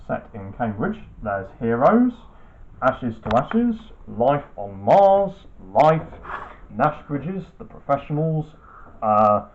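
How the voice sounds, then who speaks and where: A man in casual home-video chat, showing his shelf and naming items in a matter-of-fact way. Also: mid-range voice. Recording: tinny phone-like home recording.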